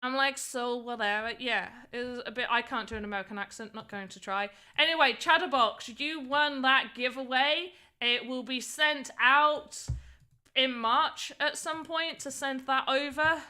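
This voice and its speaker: A young woman streams herself making voxel art, chatting casually and rambling with lots of "like" fillers. Her voice sits high with a sharp tone, and she talks at a normal speed.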